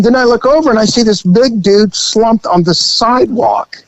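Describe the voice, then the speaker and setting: High-voiced man telling a cop story. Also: moderate pace, dry recording, highs cut off. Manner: profane, animated storyteller acting out quotes. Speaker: podcast co-host, former police officer. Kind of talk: casual storytelling chat.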